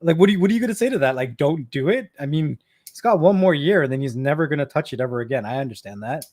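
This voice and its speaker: On his live stream, a thirtysomething Canadian man speaks quickly and animatedly, his voice on the high side with a darkish tone. Casual and chatty, he tells stories, laughs frequently and repeats words.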